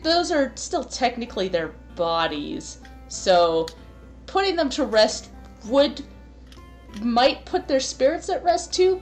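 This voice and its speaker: A young woman narrating a tabletop game as game master, laughing often and hesitating while she sorts things out. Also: on the low side.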